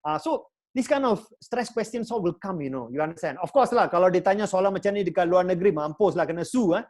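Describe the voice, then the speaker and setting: A middle-aged man with a Malaysian English accent coaching students through job interview nerves. He talks in an animated, chatty way, dropping Malay words into his English and swinging his voice up and down. He speaks into a computer mic during an online session. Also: high voice, fast. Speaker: career talk speaker. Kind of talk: motivational talk with audience Q&A.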